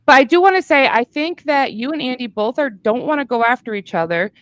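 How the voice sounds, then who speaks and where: A woman's voice: sits high, expressive, brisk, dry recording. A woman calling into a livestream, chatty and joking around. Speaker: caller on a stream. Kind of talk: casual livestream chat.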